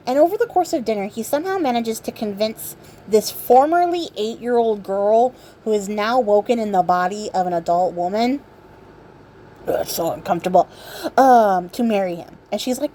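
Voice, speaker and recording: A woman vlogger casually retelling a fairy tale, sarcastic and irreverent, swearing freely and filling pauses with ums. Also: mid-range voice, lively intonation, mellow, a little hiss or hum. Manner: chatty, many ums and likes. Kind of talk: casual storytelling while crafting.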